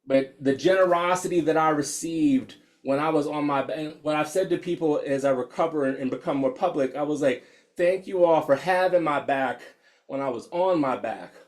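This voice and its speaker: A man in his fifties teaches meditation in a loose, candid way and laughs freely between points. His voice sits a little high for a man. He reads out comments from the people on the call as he goes. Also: moderate pace. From United States. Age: 50s. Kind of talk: casual teaching talk.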